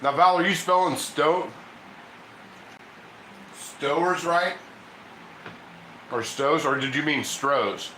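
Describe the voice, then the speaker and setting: A man's voice: a little high, slow, long pauses, pushed and bright, reverberant, a little hiss or hum, low-quality recording. A man from Ohio hosting a casual cooking livestream from his home kitchen, rambling and chatting with viewers as he reads their comments.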